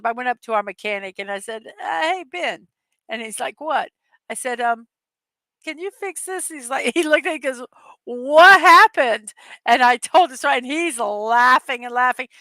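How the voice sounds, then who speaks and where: A woman's voice: a little high, a bit bright, dry recording. A middle-aged woman hosting a casual morning chat show, telling rambling stories and laughing often. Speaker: host.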